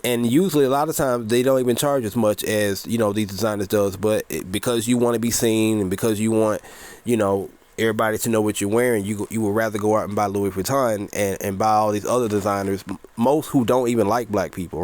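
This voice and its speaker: A man's voice: fairly low pitch, darkish tone, no room sound. A man giving earnest, rambling casual commentary to his viewers. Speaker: commentary vlogger.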